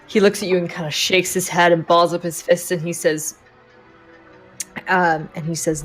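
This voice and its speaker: Low-voiced woman narrating as game master. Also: level tone, normal speed, faint music behind. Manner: hesitant, lots of ums and uhs.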